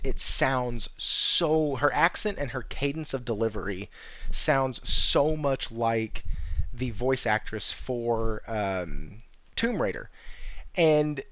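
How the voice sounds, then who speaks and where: A man's voice: mid-range voice, a bit bright, dry recording. Man, gaming stream host, rambling casual chat, dry close sound, slightly dull recording. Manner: rambling, chuckles often, reads chat aloud.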